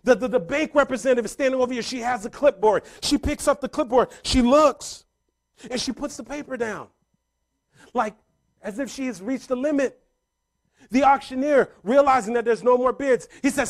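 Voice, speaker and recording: A man telling a story in a motivational speech to a live audience, repeating phrases for emphasis and building to loud peaks. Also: extremely high pitch, normal speed. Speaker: motivational speaker. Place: room full of people.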